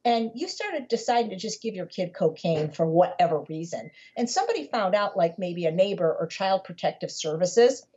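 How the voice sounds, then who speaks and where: A woman's voice: lowish voice, lively intonation, moderate pace, few pauses, warm tone, breathy edge. A woman speaking as a podcast guest, telling her story in an emphatic, conversational way and often repeating words as she builds a point. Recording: dull lo-fi podcast audio.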